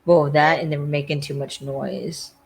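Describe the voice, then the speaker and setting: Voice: mid-range voice, fairly even intonation, moderate pace, creaky, over a noisy crowd, poor audio. A podcast co-host casually retells a TV episode scene by scene, leaning heavily on "like" as a filler. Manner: rambling retelling full of "like" fillers. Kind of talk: casual TV episode recap chat.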